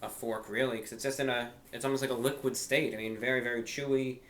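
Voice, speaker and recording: Guy doing a food review, kinda formal and deliberate, a bit winded, small echoey nook. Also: medium pitch, steady tone, fairly bright tone. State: out of breath. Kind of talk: casual food review to camera. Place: small eating nook indoors. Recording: echoey room with faint ambience.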